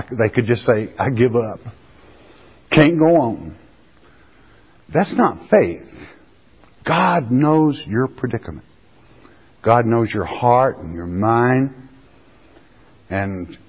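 Slow, husky-voiced folksy preacher. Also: male voice, mid-range voice. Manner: folksy, drawn-out emphatic reading of scripture. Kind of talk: sermon. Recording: dull recording in a reverberant hall.

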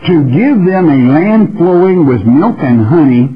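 A man preaching a verse-by-verse sermon, reading scripture slowly and then explaining it in folksy asides. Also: sits high, very animated. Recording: dull lo-fi radio broadcast.

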